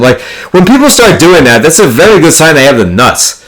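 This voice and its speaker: Fairly high-pitched and fairly bright, this man talks fairly quickly with big swings in pitch. He's a poker vlogger recounting a story in a blunt, casual, curse-laden rant packed with card jargon and rambling restarts, sounding thoroughly exasperated.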